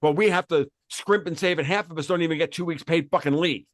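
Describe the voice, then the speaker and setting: A man's voice: a little high, quick pace, no room sound, clean studio sound. A man hosting a podcast, from the United States, delivering a heated, profane rant full of repeated words and restarts. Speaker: podcast host.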